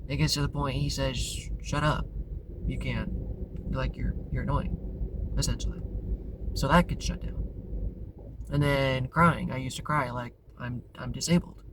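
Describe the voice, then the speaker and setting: A man hosting a tarot channel, talking casually and candidly to camera, rambling and often restarting his sentences. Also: fairly high pitch. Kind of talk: casual confessional talk to camera. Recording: clear background noise with vehicle sounds.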